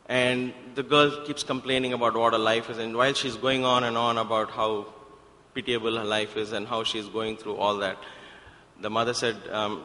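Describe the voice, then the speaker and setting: A man's voice: mid-range voice, flat delivery, normal speed, bright, forceful tone. A man giving a sermon-style talk at a spiritual center, telling a parable with emphatic rhetorical questions. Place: devotional center hall. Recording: hall with long reverb.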